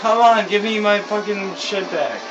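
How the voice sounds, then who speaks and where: A man doing let's play commentary, swearing constantly and yelling at the game in frustration. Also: sits high, normal speed, lo-fi sound. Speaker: gaming commentator. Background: video game music and horse neighs.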